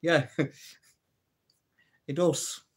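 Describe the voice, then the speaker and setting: Male host, casual joke-telling livestream, a touch high-pitched. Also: steady tone, drawn-out words, breathy edge. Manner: chatty, laughs at own jokes, reads out comments. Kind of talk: casual live-stream chat telling jokes.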